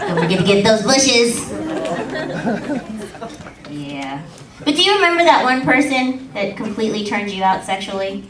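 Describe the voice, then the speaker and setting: A woman from the Philippines with a high, squeaky voice, doing a bawdy, playful stand-up set on a comedy club stage. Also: very animated, normal speed, pauses often, recorded from a distance, noisy background. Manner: bawdy, playful, crowd-teasing. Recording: echoey club recorded from afar, crowd laughter.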